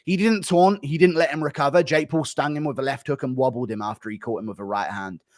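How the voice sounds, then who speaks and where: A man on a livestream, firing off blunt, dismissive verdicts to chat questions. His voice sits in a middling pitch and the sound is dry and close. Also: quick pace, dry recording. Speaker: streamer.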